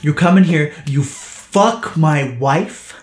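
A man voicing a furious, cuckolded middle-aged banker who shouts and curses, recorded in a roomy space. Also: on the high side, slow pace, soft background music. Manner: shouting, cursing, blustering. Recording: roomy echo.

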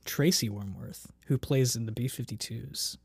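A man's voice: medium pitch, normal speed, vocal fry, a little mellow, breathy edge, no echo. A man co-hosting a casual podcast, laid-back and chiming in with trivia. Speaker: podcast co-host. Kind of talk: casual chat.

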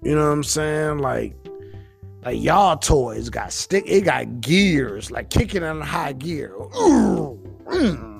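A man's voice: on the high side, animated, slow pace, creaky, faint music behind. A man hosting a casual, rambling monologue, a little intoxicated, talking in a profane, laid-back way. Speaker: podcast host.

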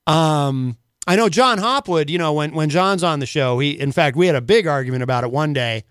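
Chatty New radio host. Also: male voice, fairly high pitch, fairly quick, fairly bright tone, clear, resonant tone, no room sound, studio quality. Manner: rambling, many filler words. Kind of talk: casual talk radio.

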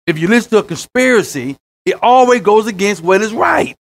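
Man, pastor, high voice, sermon, shouting then hushed. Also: lively intonation, fairly quick, gravelly. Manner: preaching with rising shouts and sudden quiet drops.

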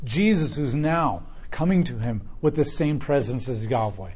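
A man preaching a sermon in an earnest, emphatic, conversational way, with a husky voice. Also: mid-range voice, animated, moderate pace, darkish tone.

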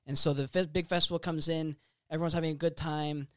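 A man's voice: on the high side, level tone, fast talker, fairly bright tone, clean tone. Rambling swearing guy on a podcast. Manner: rambling, swears freely, loses his place. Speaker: podcast co-host. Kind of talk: casual retelling of a film scene.

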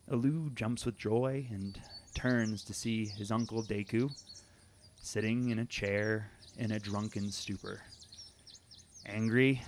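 Male game master narrator, low voice, faint noise behind. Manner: descriptive, storytelling.

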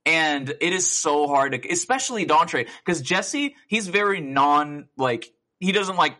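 A man co-hosting a gaming podcast, chatting casually, excitable and swearing a lot as he rambles through stories. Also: on the high side, unhurried. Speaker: podcast co-host. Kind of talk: casual chat.

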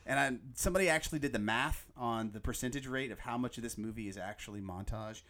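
A man hosting a podcast, chatting casually and excitedly about a movie, often quoting its lines. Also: mid-range voice, quick pace. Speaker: podcast host.

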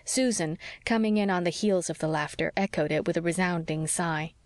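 A woman narrating a classic novel as an audiobook in a measured storytelling manner. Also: on the low side, darkish tone, no echo. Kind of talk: scripted narration.

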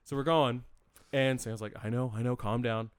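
A man telling an animated, profanity-laced story in casual chat, acting out the quotes. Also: mid-range voice, moderate pace, clean tone. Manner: animated, swears constantly, acts out quotes.

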